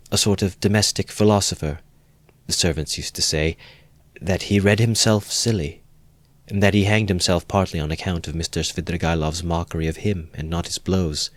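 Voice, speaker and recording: A man reading aloud, voicing a stern, composed young woman who speaks in measured tones. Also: low voice, steady tone, no echo, lightly acted.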